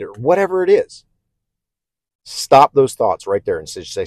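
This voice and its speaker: A man's voice: mid-range voice, big pitch swings, a little slow, pauses often, darkish tone, dry recording, studio quality. A man hosting a casual self-help podcast monologue. He talks candidly and reflectively, with stammered restarts, and keeps checking in with "okay?". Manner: conversational, often checks in with "okay?". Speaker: podcast host.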